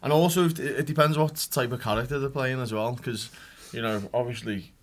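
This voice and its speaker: A man's voice: medium pitch, a little fast. Hesitant stuntman guest, plain man's voice. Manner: hesitant, many restarts, relaxed. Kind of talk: podcast interview. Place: podcast studio with live audience.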